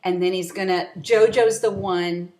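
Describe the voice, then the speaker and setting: A woman co-hosting a casual TV recap chat, animated and swearing freely. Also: measured pace, roomy sound. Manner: animated, swears, breaks into high excited quoting. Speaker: recap show co-host. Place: at home, dog nearby.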